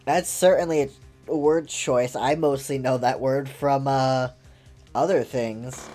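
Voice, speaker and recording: A man streaming a game, chatting casually in a rambling, halting way. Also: mid-range voice, fairly even intonation, dark tone, faint music behind.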